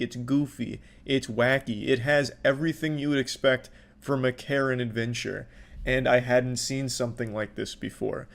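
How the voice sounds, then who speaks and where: A man hosting a casual video commentary, sarcastic and profane. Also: medium pitch. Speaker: commentary host.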